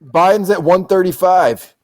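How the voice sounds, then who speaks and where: A man's voice: high voice, unhurried. A man from New Hampshire hosting a casual livestream, profane, joking and boastful. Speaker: livestream host.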